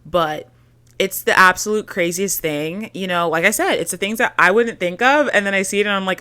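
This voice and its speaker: A woman's voice: mid-range voice, moderate pace, pushed and bright, clean tone, dry recording. Giggly, rambling young woman podcaster. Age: young adult. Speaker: podcast host. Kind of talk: solo casual chat.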